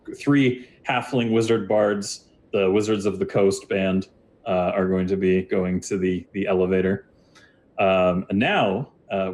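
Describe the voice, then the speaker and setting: A man's voice: low voice, darkish tone, slight background noise. A man narrating a tabletop game as game master, rambling with many fillers and restarts.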